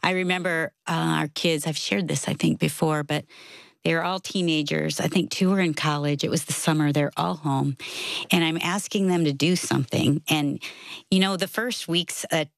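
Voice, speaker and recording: Middle-aged woman with a gravelly low-ish voice, chatty faith talk, tells stories and does the voices. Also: fairly even intonation, moderate pace, dry recording, clean studio sound. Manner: storytelling, acts out quoted voices. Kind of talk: casual faith conversation.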